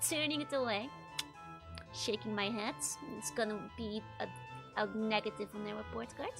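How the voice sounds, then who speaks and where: A woman's voice: a little high, moderate pace, creaky, music in the background. A woman streamer chatting casually and giggling while she plays and reads a game aloud.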